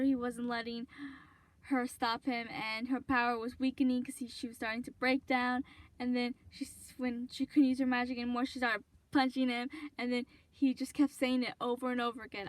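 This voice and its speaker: Woman vlogger, high pitched, dry close sound, casual rambling fan chatter. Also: little pitch movement, fairly quick, dry recording. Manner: rambling, gushing retelling with many fillers. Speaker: fan video host. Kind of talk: casual fan commentary vlog.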